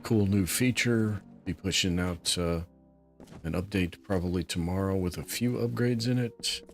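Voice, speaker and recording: A man hosting a relaxed let's play, chatting and musing aloud as he plays. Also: sits low, normal speed, faint music behind. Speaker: gameplay host.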